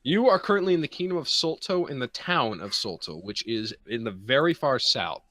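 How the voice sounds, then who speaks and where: A young man acting as game master, narrating a tabletop game in a lively, laughing way over an online video call. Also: medium pitch. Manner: lively, laughing, quick asides.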